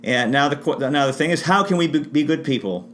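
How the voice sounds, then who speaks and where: A man's voice: on the high side, animated, a little fast, a bit bright, a little hiss or hum. A man giving an unscripted history talk with spiritual asides, often restarting and correcting himself mid-sentence. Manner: rambling, frequent restarts and self-corrections. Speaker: history presenter.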